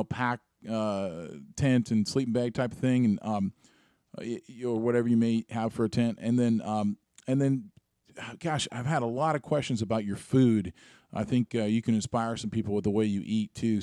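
A host in a casual interview, asking questions in a relaxed way with many hesitant fillers. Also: medium pitch, moderate pace, no echo, studio quality.

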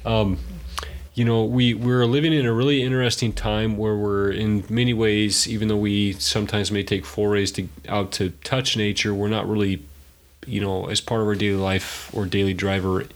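A man's voice: lowish voice, level tone, normal speed. A man who runs a survival school, talking in a casual interview in a rambling, reflective way. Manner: rambling, reflective, searching for words. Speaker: survival school owner and instructor.

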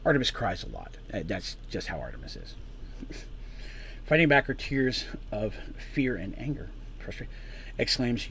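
A man's voice: mid-range voice, sing-song, normal speed, pauses often, fairly bright tone, a little hiss or hum. A man narrating a tabletop story as game master, casual and explanatory, with frequent asides.

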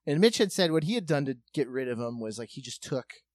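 In a casual, joking chat, a man with a medium-pitched voice works through a long story at a slightly quick clip. He curses liberally and animatedly performs the quotes of others. No echo is audible.

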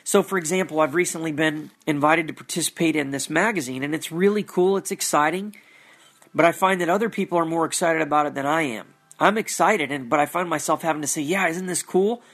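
A man's voice: on the high side, fast, a bit bright. A man giving an earnest, reflective talk about his faith, often searching for words and repeating phrases. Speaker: Christian vlogger.

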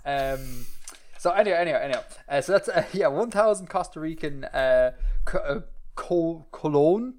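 A man's voice: fairly high pitch, expressive, moderate pace, a little mellow. A man with an Irish accent co-hosting a podcast, rambling and self-deprecating as he chats. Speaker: podcast co-host. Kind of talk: casual chat.

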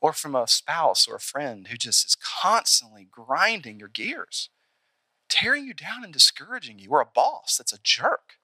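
Animated young pastor preaching, bright tone. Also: male voice, on the high side, normal speed, slightly rough, no room sound. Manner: animated, conversational preaching with acted-out asides. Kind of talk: sermon.

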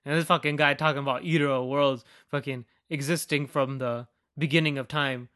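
A man's voice: mid-range voice, fairly even intonation, brisk, fairly bright tone. A young man hosting a podcast, ranting about a movie in a casual, mocking way and swearing constantly. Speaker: podcast host. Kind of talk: casual profane movie rant.

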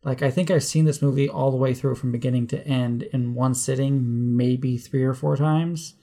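A man's voice: medium pitch, fairly even intonation, moderate pace, mellow. A man co-hosting a movie podcast, rambling and catching himself mixing up names. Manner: rambling, trips over names and corrects himself. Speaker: podcast co-host. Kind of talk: casual chat.

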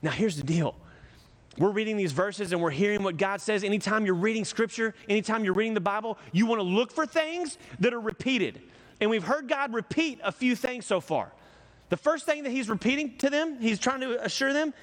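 A man's voice: high voice, a little fast, in a large hall. A man from the United States preaching a conversational, joking sermon as pastor.

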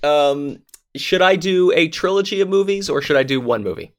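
A man's voice: on the high side, moderate pace, clear, resonant tone. A man co-hosting a podcast, ranting bluntly and with profanity, breaking into laughs in casual chat. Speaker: podcast co-host.

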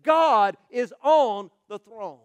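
Male pastor, sermon, very high voice, smooth resonant tone, loud proclamations, quiet asides. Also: animated, very slow, lo-fi sound.

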